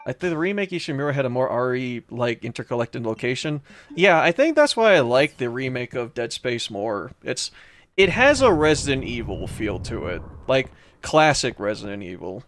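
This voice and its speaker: A man's voice: medium pitch, sing-song, moderate pace, a bit bright. A young man streaming a horror game, chatting casually with his viewers in a loose, rambling way, full of fillers and restarts. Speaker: let's play streamer. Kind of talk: casual gameplay commentary reading chat.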